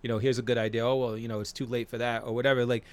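A man in his forties chatting on a podcast in a rambling, profane way, full of fillers. His voice sits at an ordinary middle pitch. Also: flat delivery, rapid-fire. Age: 40s. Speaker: podcast co-host. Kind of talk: casual chat.

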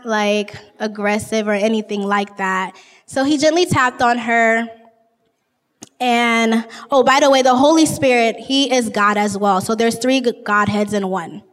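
A woman's voice: a little high, big-room sound. A woman, casually and goofily retelling a Bible story in her own words. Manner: goofy, chatty, uses lots of "like". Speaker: informal Bible teacher.

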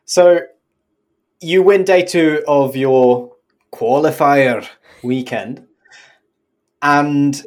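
A woman's voice: sits low, very slow, long pauses, darkish tone. A woman co-hosting a podcast, explaining the rules in casual chat, often laughing and now and then swearing. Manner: chatty, swears, laughs while explaining, puts on silly accents for single words. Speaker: podcast co-host.

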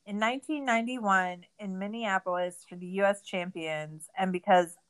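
A woman's voice: medium pitch, normal speed, a bit bright, smooth, poor audio. A woman in her thirties co-hosting a podcast, recapping a documentary in a sarcastic, exasperated rant full of swearing. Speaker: podcast co-host. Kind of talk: casual recap chat.

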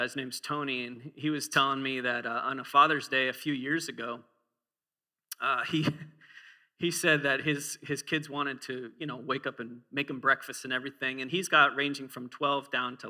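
A man's voice: medium pitch, pushed and bright. A man in his forties preaching a sermon in a church, conversational and humorous, often asking the congregation questions.

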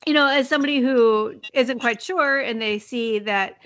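A woman's voice: on the high side, moderate pace, a bit bright. A woman interviewing a guest, asking long rambling questions with many fillers. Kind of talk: casual conversational interview.

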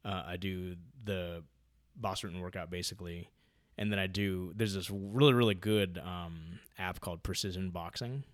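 A man chatting casually about his training, rambling with lots of fillers and getting loud when excited. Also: deep voice, moderate pace, no echo, clean studio sound. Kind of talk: casual podcast chat.

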